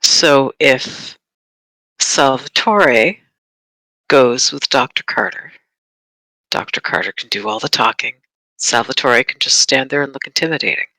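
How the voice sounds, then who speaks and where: A tabletop player speaks in a measured, formal way, in character. The tone is bright and clear, and the sound is close and dry with no room around it. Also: mid-range voice, expressive, no room sound, rough recording. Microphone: desk mic for an online stream.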